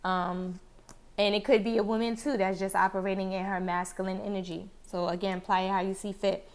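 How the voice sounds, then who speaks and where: A chatty woman reads tarot cards straight to her viewers. Her voice sits at a middle pitch, and she circles back over the same phrases, breaking into exclamations and the odd curse along the way. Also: flat delivery, a little fast, clear, resonant tone. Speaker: tarot card reader. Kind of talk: casual tarot reading to camera.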